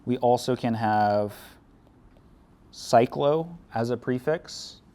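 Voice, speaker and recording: A man's voice: medium pitch, slow pace, dark tone. A man teaching a chemistry lecture, explaining step by step in a casual way with dry sarcasm. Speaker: chemistry instructor. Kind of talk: classroom lecture.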